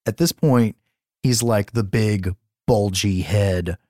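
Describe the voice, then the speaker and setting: A man co-hosting a podcast, recapping a horror film in a casual, profane, animated way. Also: fairly low pitch, slow, dry recording, clean studio sound. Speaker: podcast co-host. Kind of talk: casual chat.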